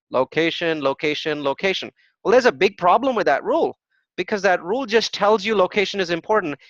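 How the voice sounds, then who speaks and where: A man's voice: on the high side, a bit bright, dry recording. A man teaching a real estate investing workshop. He talks emphatically, poses rhetorical questions, answers them himself, and tags his points with "right?". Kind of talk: live workshop presentation with web demos. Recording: dull, dry lo-fi recording.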